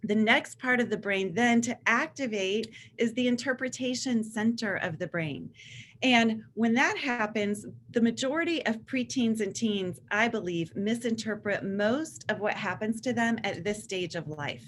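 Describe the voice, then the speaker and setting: A woman's voice: on the high side, measured pace, a little hiss or hum. A woman in her forties, a therapist, giving an enthusiastic presentation to parents and now and then acting out what kids say. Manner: warm, enthusiastic, acts out teen voices in quotes. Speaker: therapist and author giving a talk.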